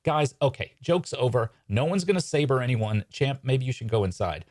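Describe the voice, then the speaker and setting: A man's voice: medium pitch, animated, moderate pace, a little mellow, voice pushed up, natural voice. A man voicing a flustered middle-aged father who pleads anxiously.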